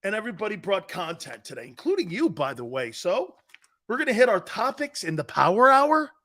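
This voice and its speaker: A middle-aged man hosting a sports talk show, brash and quick to laugh, swearing freely as he talks football. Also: high-pitched, very animated, pushed and bright.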